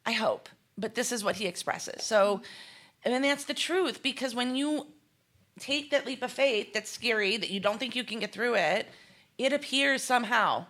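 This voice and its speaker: A middle-aged woman speaking as an interview guest in an earnest, emphatic way, with a bright, forceful voice. She pitches slightly above most women, laughs often and acts out the lines she quotes. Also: normal speed. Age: 40s or 50s. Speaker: guest, holistic chef. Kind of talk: candid interview talk.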